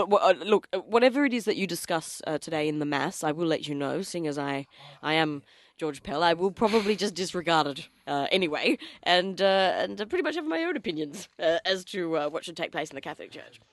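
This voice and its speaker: A woman's voice: on the low side, a little fast, no echo, lightly acted. A fussy, self-important cardinal who fawns over the pope and hesitates constantly, as an Australian woman plays him. Improvised radio comedy skit, with a dry, close studio sound. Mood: fawning. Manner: hesitant, full of uhs, deferential.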